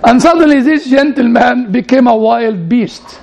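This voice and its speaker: At a measured pace, the preacher speaks in a very high voice with vocal fry and a slightly mellow quality. His sermon is conversational and chatty, peppered with "you know" and asides to the audience, and the recording is rough.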